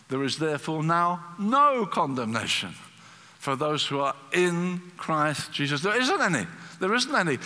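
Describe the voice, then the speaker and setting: A man preaching a sermon, a lively storyteller who acts out the voices he quotes. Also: medium pitch, in a large hall.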